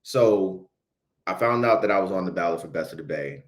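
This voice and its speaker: A man's voice: low voice, expressive, brisk. A young man with a Haitian accent tells a story on a livestream, talking emphatically in slang and often checking in with "right?". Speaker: videographer telling a story on a livestream. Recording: roomy echo.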